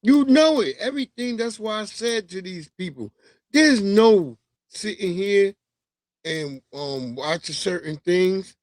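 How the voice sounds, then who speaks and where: A man's voice: sits high, animated, a little slow, dry recording. Profane, laughing male livestream host. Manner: loose, profane, laughing, slangy storytelling. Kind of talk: casual commentary monologue.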